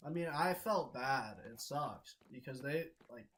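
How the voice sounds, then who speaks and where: A young male streamer retelling a multiplayer game mishap in an animated, laughing way, swearing constantly. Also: mid-range voice, a little slow, slight background noise, rough recording. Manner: excitable, swears constantly, laughs between lines. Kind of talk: animated gaming story retelling.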